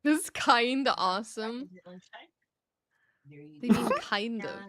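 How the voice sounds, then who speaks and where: A woman's voice: a little high, big pitch swings, slow pace, a bit bright. A woman streamer chatting casually with friends while gaming, giggling and teasing. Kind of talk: casual chat.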